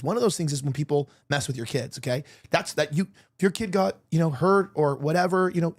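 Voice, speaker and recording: Guy host rambling on, kinda high voice, restarts a lot, edgy jokes. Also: darkish tone. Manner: rambling, emotional, with many restarts; provocative joking. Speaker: podcast host. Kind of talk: casual opinion chat.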